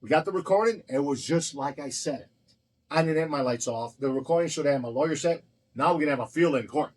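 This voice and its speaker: A man's voice: a little high, fast, darkish tone, rough recording. A man who owns a restaurant, telling stories in a blunt, profane, heated way during a casual conversation. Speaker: restaurant owner. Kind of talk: casual storytelling.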